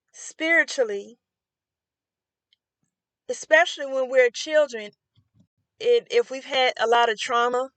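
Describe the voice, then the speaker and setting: Woman vlogging, slow and thoughtful, lots of ums, dry close sound. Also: on the high side, fairly bright tone, clear, resonant tone, no echo. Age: adult. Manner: slow, reflective, many fillers and pauses. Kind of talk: casual storytelling to camera.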